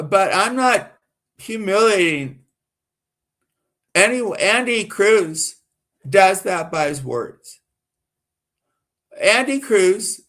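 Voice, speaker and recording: A man from the American South rambles through live-stream commentary, circling back on his own words and flaring up indignantly. His voice sits a little high for a man, and he talks at an unhurried, drawn-out pace. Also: a bit bright. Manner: rambling, repetitive, gets worked up and indignant.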